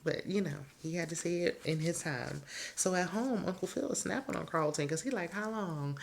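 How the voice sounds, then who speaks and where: Low gravelly-voiced woman recapping TV. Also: fairly quick, a little hiss or hum. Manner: opinionated, chatty, laughing asides. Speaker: TV recap host. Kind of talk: casual TV episode recap.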